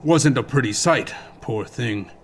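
A man voicing a kindly middle-aged ranch owner who talks gently and in a fatherly way, from an audiobook. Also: mid-range voice, expressive, a little slow, gravelly, breathy edge, faint music behind, heavily acted. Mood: gentle concern.

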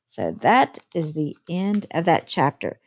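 A woman's voice: fairly low pitch, very animated, unhurried, a little mellow. A woman teacher explaining a novel chapter to her students, reading quotes aloud and adding plain commentary.

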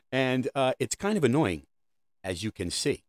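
Middle-aged dad going off sarcastic and rambly, voice jumps all over, dry close sound. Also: male voice, mid-range voice, big pitch swings, slow pace, no room sound. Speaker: comedic host. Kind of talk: comedic monologue.

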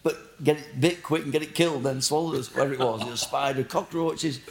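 A man's voice: a little high, fairly even intonation, fast. A man from Blackburn, telling rambling, sweary stories as a guest in a casual interview. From Blackburn, England. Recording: roomy echo.

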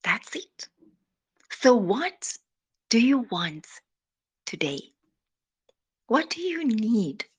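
A woman hosting a devotional podcast, speaking in a slow, reflective way and trailing off into soft, whispery phrase endings. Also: fairly high pitch, big pitch swings, breathy edge. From South Africa.

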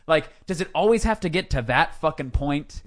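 Podcast host guy, kinda high voice, jokey, swears a lot, dramatizes everything. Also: lively intonation, normal speed. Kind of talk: casual podcast conversation.

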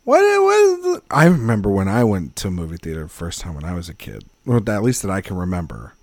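A man co-hosting a casual film podcast, talking in animated, rambling tangents and swearing freely. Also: deep voice, fast talker, dry recording. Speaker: podcast co-host. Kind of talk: casual film-discussion chat.

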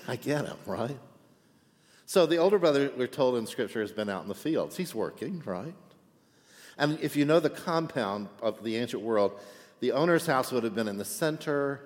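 Pastor guy preaching casual style, lots of "right?", normal pitch, echoey church hall. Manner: conversational, frequent "right?" asides, animated. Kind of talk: sermon.

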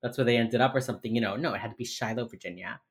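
Very deep-voiced woman chatting casually. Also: rapid-fire. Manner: rambling, filler-heavy, swearing, acts out quotes. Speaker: podcast co-host recapping a TV episode. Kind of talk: casual chat.

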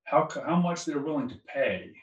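A man's voice: a little high, animated, moderate pace, distant mic, dull audio. A man, a doctor, talking politics in a rambling way with many restarts. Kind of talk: casual political conversation. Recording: echoey, off-mic.

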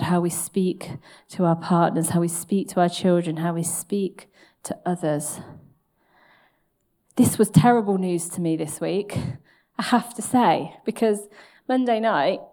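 A woman's voice: medium pitch, warm tone. Candid woman preaching a sermon. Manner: candid, self-mocking storytelling with laughs. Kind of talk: sermon with personal story.

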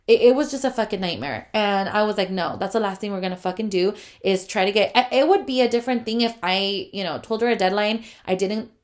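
A woman's voice: mid-range voice, fast, hardly any pauses. Woman venting in a profane photographer rant. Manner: profane, heated venting with many fillers. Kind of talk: casual storytime rant.

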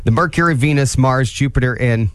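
A man's voice: mid-range voice, brisk, clean tone, no echo. A middle-aged man co-hosting a morning radio show, rambling and joking with many fillers. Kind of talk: casual radio banter. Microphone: studio microphone.

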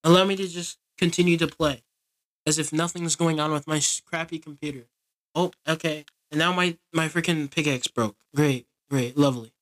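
A man's voice: fairly high pitch, normal speed. A man giving casual gaming commentary, grumbling and complaining in an exasperated way. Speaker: gaming video creator.

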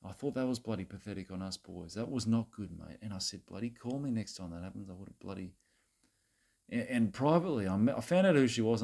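In a comedy monologue, a man with a low, husky, gravelly yet mellow voice plays a crude, self-righteous Australian bloke lecturing women. His satirical rant to camera is preachy, rambling and repetitive, with every phrase peppered with "mate" and "bloody."

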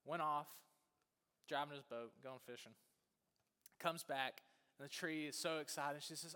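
A man preaching a sermon, telling a story in an animated way and acting out the voices. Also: a little high, a little slow, pauses often, smooth. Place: church sanctuary. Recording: long church reverb.

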